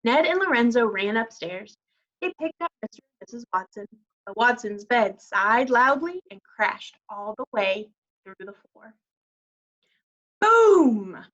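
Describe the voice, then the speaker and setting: Teacher lady reading a kids book, lively higher voice, kinda muffled audio. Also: unhurried, soft background music. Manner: clear, expressive. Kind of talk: children's read-aloud narration. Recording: dull lo-fi recording.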